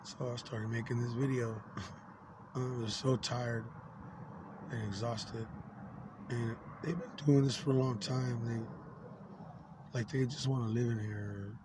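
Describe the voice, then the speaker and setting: A man in his forties vents to camera in an unscripted monologue, swearing freely and stumbling through fillers and restarts. His voice sits at an ordinary male pitch. A faint background noise runs under him. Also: steady tone, takes it slowly, long pauses. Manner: angry, profane, rambling with many fillers. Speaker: vlogger.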